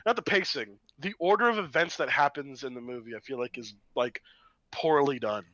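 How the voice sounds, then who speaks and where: A man's voice: medium pitch, a little fast, a bit bright, muffled recording. A man co-hosting a podcast in casual chat, rambling and swearing through his stories and laughing often. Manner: laughing, profane, rambling storytelling. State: recovering from illness. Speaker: podcast co-host.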